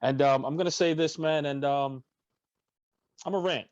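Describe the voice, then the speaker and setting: A man's voice: on the high side, steady tone, normal speed, darkish tone, dry recording, dull audio. A man co-hosting a casual sports podcast, ranting emphatically about his team's players. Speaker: podcast co-host.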